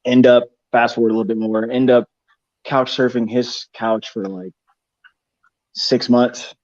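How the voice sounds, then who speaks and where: Speaking a little slowly in a mid-range, darkish voice with little pitch movement, a young Texan co-host spins a long, rambling story on a podcast. It's casual and slangy, packed with fillers and restarts. The dry, dull studio recording has no room sound.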